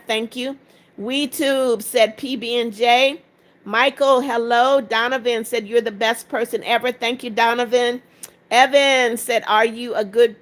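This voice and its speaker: A tired woman in her seventies runs a live stream with a slightly high voice. She reads out each viewer comment in turn and gives it a short, plain answer. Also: fairly bright tone. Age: 70s. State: tired after two hours of talking. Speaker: livestream host.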